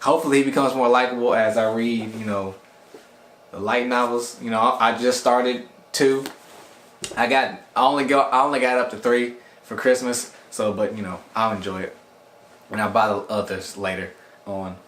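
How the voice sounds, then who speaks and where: A man's voice: medium pitch, normal speed. Chatty guy rambling thru an anime review, kinda echoey room. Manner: rambling, chatty, animated quoting. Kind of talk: casual video review.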